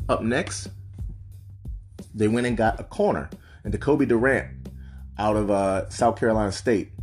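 Guy with a lowish voice chatting through draft picks, faint music underneath. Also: darkish tone. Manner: loose and conversational, with frequent fillers and asides. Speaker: football draft analyst. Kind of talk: casual solo sports commentary.

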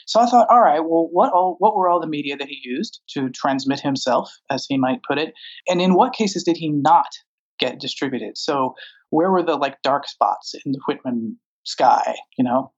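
A man's voice: fairly high pitch, moderate pace, husky, dull audio. A man from the American South, interviewed as a scholar, speaking in a wry, thoughtful way with many restarts and fillers. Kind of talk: conversational interview.

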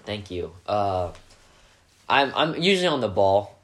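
A teenage boy, a high school quarterback, answering interview questions in an earnest, upbeat way. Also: unhurried. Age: teens. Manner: earnest and upbeat, gets animated. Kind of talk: casual interview chat.

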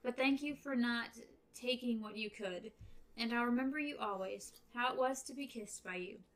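A woman voicing a young woman torn between love and duty, speaking softly and pleadingly while reading a novel aloud. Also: a little high, normal speed, lightly acted.

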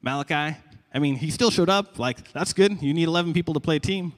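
A young man preaching a sermon in a conversational, animated way, often stumbling and repeating words. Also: fairly high pitch, quick pace. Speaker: pastor. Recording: long reverb of a large hall.

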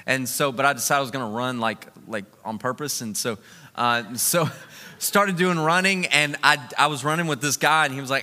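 A man preaching a sermon, moving from a relaxed, joking personal story into emphatic preaching. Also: medium pitch, fairly quick, long reverb tail.

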